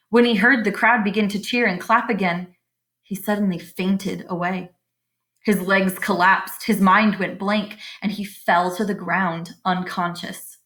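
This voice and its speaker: A woman's voice: mid-range voice, steady tone, unhurried, fairly bright tone. A woman reading a children's chapter book aloud with expression, stopping to explain the story to young listeners.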